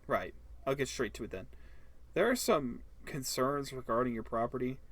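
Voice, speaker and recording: A man's voice: medium pitch, animated, moderate pace, fairly bright tone. A man voicing a polite, anxious neighbour who speaks formally and apologetically. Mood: polite, urgent.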